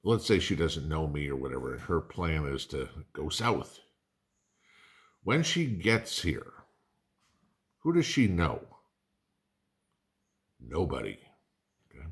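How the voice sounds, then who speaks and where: Very deep-voiced middle-aged man. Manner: conversational, rambling, folksy asides. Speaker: prepping channel host. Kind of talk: casual talk to camera.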